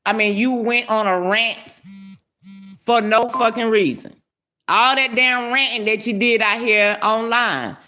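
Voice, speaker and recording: A woman's voice: on the high side, bright, forceful tone. A woman hosting a casual livestream, greeting viewers by name and giving brash, profane commentary with lots of laughter.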